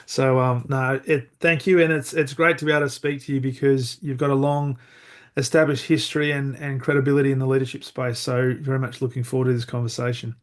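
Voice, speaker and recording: A man's voice: mid-range voice, little pitch movement, fairly quick. A middle-aged Australian man hosting a podcast interview, friendly and chatty, calling people "mate" and laughing easily. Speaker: podcast host.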